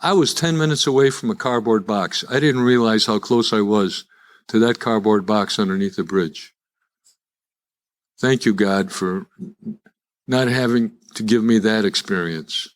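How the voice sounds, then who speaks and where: A man's voice: fairly low pitch, a little slow. Older man telling his recovery story. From Chicago. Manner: humorous, self-deprecating storyteller with frequent restarts. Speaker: recovery meeting speaker. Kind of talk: live personal story talk to an audience. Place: live event before an audience.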